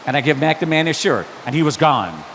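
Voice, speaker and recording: A man giving a testimony in a church, telling his story with lively, acted-out dialogue. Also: fairly quick, gravelly. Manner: animated, acts out dialogue with shifting pitch. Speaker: guest speaker sharing testimony. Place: church auditorium. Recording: long hall reverb with faint hiss.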